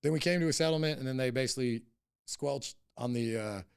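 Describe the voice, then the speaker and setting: Middle-aged man, podcast guest: gravelly, rapid-fire, blunt and profane, telling it heated. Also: mid-range voice, no echo, clean studio sound. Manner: blunt, heavy swearing, heated. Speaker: cannabis company CEO, podcast guest. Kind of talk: casual interview storytelling.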